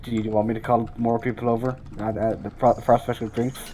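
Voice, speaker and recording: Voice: mid-range voice, flat delivery, brisk, warm tone, slight background noise. Playful tabletop player. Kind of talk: playing a character at a tabletop game.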